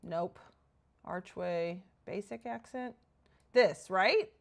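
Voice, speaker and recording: A woman chatting casually with her viewers while playing a game, excitable and talking to herself as she goes. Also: lowish voice, slow pace, creaky, slight background noise. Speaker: game streamer.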